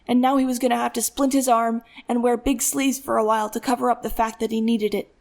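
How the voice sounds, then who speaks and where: This woman narrates a gripping thriller audiobook in a steady, dramatic way, pushing the plot onward. She talks fast, her voice is a bit high for a female speaker, and it has a touch of vocal fry.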